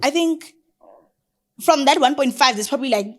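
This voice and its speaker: A young woman with a South African accent, chatting as a podcast guest in an animated way and mixing in Zulu phrases. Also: high-pitched, normal speed. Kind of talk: casual chat.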